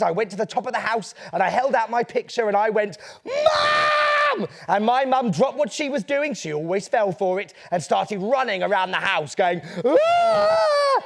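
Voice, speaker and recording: A man's voice: high voice, creaky. A man, a children's author telling a playful, theatrical story to a young audience. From England.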